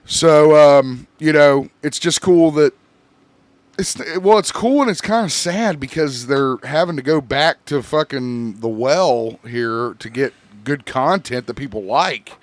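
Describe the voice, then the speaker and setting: A man's voice: medium pitch, unhurried, dry recording. A man hosting a podcast, chatting loosely and swearing a lot as he runs through the week's news. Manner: loose, profane, rambling. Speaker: podcast host. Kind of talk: casual chat.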